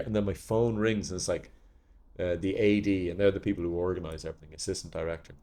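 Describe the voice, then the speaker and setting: A man's voice: deep voice, fast. A man, an actor guest on a podcast, telling anecdotes from his career in casual chat and acting out the people he quotes. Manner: animated storyteller who acts out quoted people.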